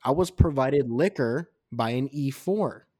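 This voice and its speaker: A young man swearing his way through a long story, rambling and animated, in casual drunk podcast talk. His voice sits at an ordinary middle pitch. It is recorded close and dry, with no room sound. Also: measured pace, no room sound. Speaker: podcast co-host.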